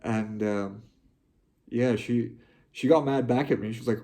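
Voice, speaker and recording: A young man talking to his viewers, heartfelt and halting, often restarting his sentences. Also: medium pitch, gravelly, mellow. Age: young adult. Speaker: vlogger. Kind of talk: personal reflective monologue.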